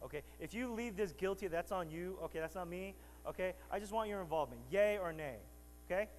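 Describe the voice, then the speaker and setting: A man's voice: sits high, fairly quick, big-room sound, a little hiss or hum, rough recording. A man preaching a sermon to his congregation in a church, bantering with them and rising to emphatic preaching. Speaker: pastor. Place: church sanctuary.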